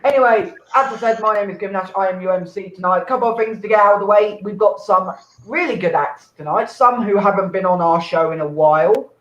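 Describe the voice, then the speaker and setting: A man's voice: high-pitched, a little fast, hardly any pauses, fairly bright tone. A man hosting an online comedy show, chatting casually in a sweary, self-mocking way. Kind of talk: casual live-stream banter. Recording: roomy dull home mic with faint noise.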